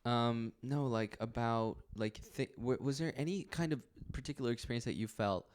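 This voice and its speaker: A man's voice: mid-range voice, normal speed, darkish tone. A man co-hosting a casual podcast in a laid-back, joking way. He hesitates and restarts his sentences as he goes, keeping the talk loose. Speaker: podcast co-host. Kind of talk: casual chat.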